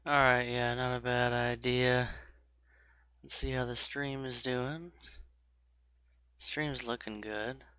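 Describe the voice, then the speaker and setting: A man in his thirties chatting casually on a live game stream, self-mocking and quick to laugh. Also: medium pitch, steady tone, sharp tone, smooth, no room sound. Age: 30s.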